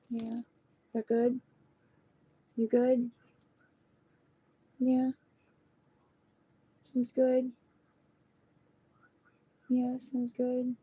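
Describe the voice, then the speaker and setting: Speaking very slowly with frequent pauses, a middle-aged woman with a fairly high, breathy voice hosts a relaxed tarot livestream at home on her phone. She chats loosely and coos lovingly to her pet, and the recording's highs are cut off.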